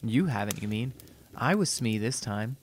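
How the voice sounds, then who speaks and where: A man voicing an eager young man in a spoken story, calling out in a raised, high voice. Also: animated, moderate pace, slight background noise, natural voice. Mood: puzzled.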